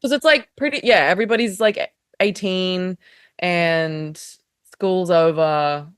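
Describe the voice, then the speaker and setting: A woman's voice: on the low side, a little slow, smooth, no room sound, clean studio sound. A woman with an Australian accent, a podcast guest chatting casually and loosely, with many fillers. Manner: chatty, drifting, full of "like" and fillers.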